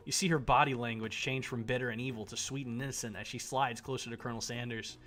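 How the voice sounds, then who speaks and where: A man streaming live, reading a visual novel aloud in a dramatic, animated way and laughing often. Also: medium pitch, fast, hardly any pauses, faint music behind. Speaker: game streamer.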